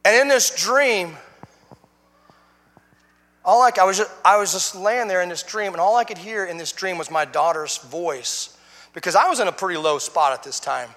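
A middle-aged man giving an emotional sermon testimony as a guest speaker, swinging from hushed to shouting. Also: high voice, big-room sound.

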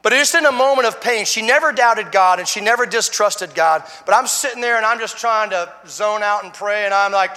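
A middle-aged man giving an emotional sermon testimony as a guest speaker, swinging from hushed to shouting. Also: high-pitched, long reverb tail.

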